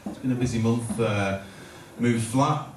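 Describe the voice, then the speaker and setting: A man's voice: mid-range voice, measured pace, distant mic. Rambling stand-up man in a roomy hall. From North Lincolnshire, England. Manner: rambling, self-deprecating, hesitant with many fillers. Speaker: open-mic stand-up comedian. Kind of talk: stand-up comedy set. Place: small comedy night in a hotel bar. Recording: roomy hall recorded from afar with loud noise. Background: audience laughter.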